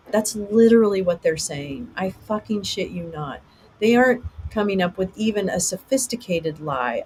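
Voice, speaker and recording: A woman's voice: on the low side, low-quality recording. Woman ranting on her livestream, swears a lot, blunt, faint hiss behind her. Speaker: livestream host. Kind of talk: casual livestream commentary.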